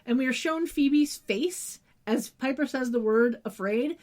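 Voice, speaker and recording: A woman with a high voice co-hosting a podcast in a casual, conversational way. She narrates scenes and drops in sarcastic opinions. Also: unhurried, a little mellow. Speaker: podcast co-host. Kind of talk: casual recap chat.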